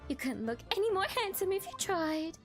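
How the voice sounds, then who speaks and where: A woman's voice: very high voice, very animated, fairly quick, soft background music, pitched above the performer's own voice. A woman voicing a doting young wife who gushes over her husband. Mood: adoring.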